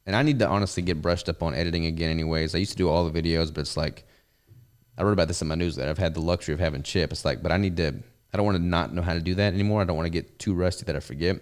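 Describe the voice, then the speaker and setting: A man's voice: sits low, fairly even intonation, racing. A man with a Southern US accent, hosting a podcast and chatting about his business in an easygoing, rambling way. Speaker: podcast host and business owner. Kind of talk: casual chat.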